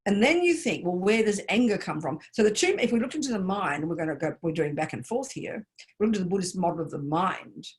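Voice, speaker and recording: A woman's voice: fairly low pitch, animated, fast talker. An older woman, a Buddhist nun, giving an emphatic dharma talk full of rhetorical questions. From Australia.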